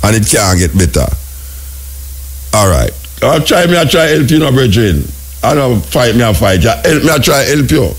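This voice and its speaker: A man's voice: mid-range voice, big pitch swings, moderate pace. A man with a Jamaican accent hosting call-in radio, lecturing a caller in an exasperated, sing-song patois. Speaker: radio host.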